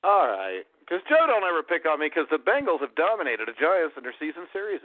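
Man co-host, lively pitch, mock-wounded rambler, thin phone-like sound. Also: fairly quick, dry recording. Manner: mock self-pitying, rambling, teasing. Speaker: podcast co-host. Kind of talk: casual sports talk banter. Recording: tinny phone-like dry line.

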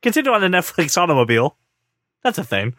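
A man's voice: a little high, sing-song, a bit bright, dry recording, studio quality. Wry joking male podcast host. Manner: wry, joking, quick asides. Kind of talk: casual chat.

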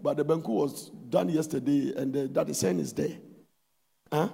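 A man preaching a sermon, emphatic and loud, switching between shouts and soft asides. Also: on the high side, gravelly, slightly rough, big-room sound.

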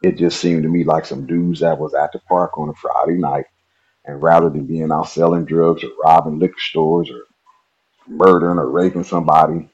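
Nebraska man, podcast guest, deep husky voice, relaxed chatty storyteller. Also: moderate pace, highs cut off. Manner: relaxed, chatty, laughs at himself. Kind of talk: casual storytelling.

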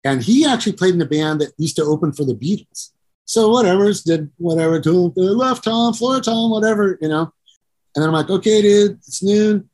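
With a high-pitched, animated voice and a brisk delivery, a middle-aged musician and producer tells long profane stories in a casual interview. He rambles, acts out voices, and keeps dropping "you know."

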